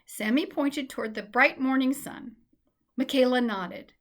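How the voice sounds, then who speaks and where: A woman narrates a children's story with a gentle, expressive delivery. Her voice sits a little high for a woman, and her reading is clear and steady. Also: a little slow.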